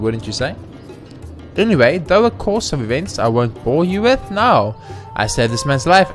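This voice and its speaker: A man voicing a kindly former sky pirate who reminisces and praises the hero. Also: a little high. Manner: warm storytelling, reminiscing.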